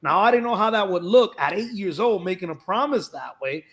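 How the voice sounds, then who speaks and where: A man's voice: high voice, expressive, fairly quick, a bit bright. A man who is a pastor, speaking in an earnest, preacherly way as he shares his testimony. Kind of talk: reflective testimony.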